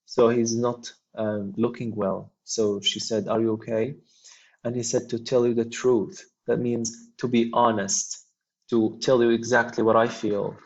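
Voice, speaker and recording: A man teaching an English lesson, explaining a textbook unit slowly with frequent ums and reading dialogues aloud. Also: mid-range voice, little pitch movement, highs cut off.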